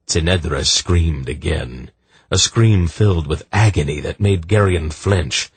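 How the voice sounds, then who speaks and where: Deep, husky male audiobook narrator. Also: unhurried, no echo. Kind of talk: scripted fantasy narration.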